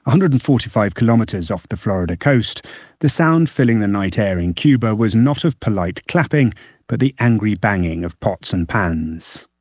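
A man reading a scripted radio news report as a correspondent, measured and steady. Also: fairly low pitch, husky, dry recording, studio quality.

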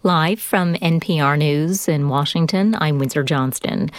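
Low-voiced woman newscaster. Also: no room sound. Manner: formal, measured. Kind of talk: scripted newscast.

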